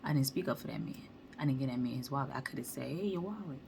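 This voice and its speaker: A woman with a low voice tells a storytime monologue straight to her viewers. She talks in animated slang and acts out every quote, with a faint hiss of noise behind her. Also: fast talker, vocal fry. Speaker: vlogger.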